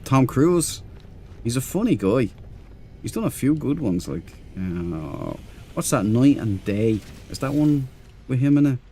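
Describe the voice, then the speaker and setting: A man's voice: mid-range voice, sing-song, unhurried, warm tone, a little hiss or hum. A man streaming a game, chatting loosely with viewers, rambling and laughing easily. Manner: rambling, chatty, reads and answers chat. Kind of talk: casual live-stream chat.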